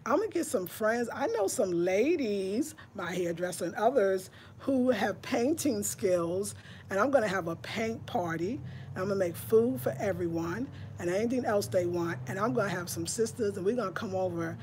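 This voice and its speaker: A woman's voice: mid-range voice, expressive, normal speed, a little mellow, a little hiss or hum. Chatty woman in her fifties from New York. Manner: chatty, breezy, talks to viewers like girlfriends. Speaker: lifestyle vlogger. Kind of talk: casual chat to the camera. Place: at home indoors.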